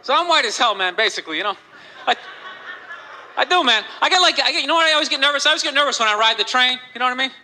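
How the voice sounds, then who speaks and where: A man's voice: very high-pitched, lively intonation, very fast, sharp tone, rough recording. A man doing a rambling stand-up routine, full of "you know"s, in a live recording with a crowd. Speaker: stand-up comedian.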